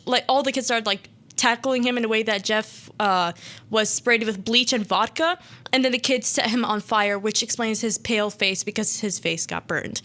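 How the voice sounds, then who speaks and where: A woman's voice: sits high, bright, forceful tone. A young woman hosting a radio show, casually retelling a horror story in a rambling way with many fillers and acted-out quotes.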